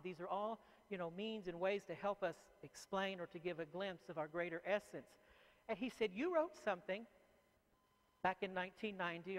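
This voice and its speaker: A man, an author, speaking to a live audience as an animated and chatty storyteller. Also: high-pitched, long reverb tail, poor audio. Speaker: author giving a talk.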